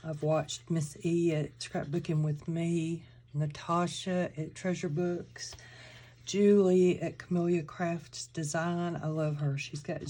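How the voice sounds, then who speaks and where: This woman runs a crafting channel and speaks with a Southern accent from Georgia. Her voice is low and dark as she chats through a tutorial, musing out loud while she crafts.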